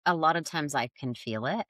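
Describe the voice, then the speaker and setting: A middle-aged woman, a yoga and somatic healing teacher, appears as a guest on a podcast in casual conversation. Reflective and searching, she often restarts her sentences. Her deep voice is a bit bright, at a moderate pace, with no echo.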